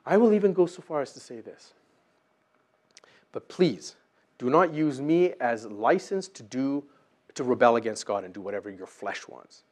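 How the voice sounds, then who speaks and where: A man preaching a sermon, animated and acting out voices in his Bible stories. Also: medium pitch, moderate pace.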